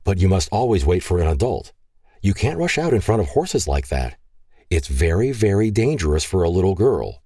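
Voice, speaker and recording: A man voicing a rugged cowboy and fatherly rancher who speaks gently and warmly. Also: sits low, sing-song, normal speed, breathy edge, dry recording, clean studio sound, full character voice. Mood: gentle.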